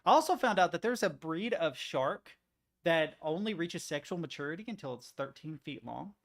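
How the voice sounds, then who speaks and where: A man's voice: fairly high pitch, animated, normal speed. A young man streaming, chatting casually and reacting to articles, swearing freely and rambling through stories. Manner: profane, rambling, easily amused.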